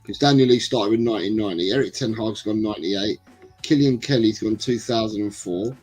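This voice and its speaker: A man's voice: lowish voice, fairly quick, darkish tone, husky, soft background music, poor audio. A man hosting a casual football livestream, reading chat comments aloud and rambling between them. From England. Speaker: livestream host.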